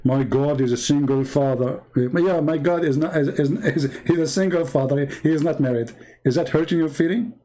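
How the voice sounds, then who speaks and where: A man with a somewhat high-pitched voice hosts a live-streamed religious debate. His tone is mocking and sarcastic, and he laughs at his opponent. He repeats his points over and over for emphasis. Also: normal speed, warm tone. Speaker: livestream host debating a caller.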